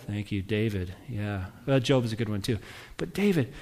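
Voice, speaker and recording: A man's voice: on the low side, animated, normal speed, a little mellow. A man preaching a sermon in a conversational way, asking his congregation questions and reading scripture aloud with rising emphasis. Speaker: pastor.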